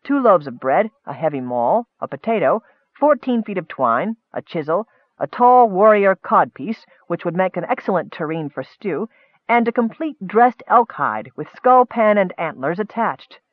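A man narrating a comic fantasy story in a lively storytelling manner. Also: sits high, moderate pace, no echo, narrow, tinny audio. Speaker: audiobook narrator. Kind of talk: scripted narration.

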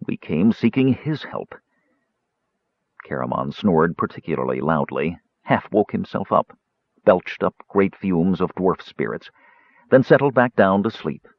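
A man reading a fantasy audiobook with an expressive, varied delivery. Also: low voice, moderate pace, breathy edge, dry recording. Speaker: audiobook narrator. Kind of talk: scripted fantasy narration. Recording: slightly dull audiobook recording.

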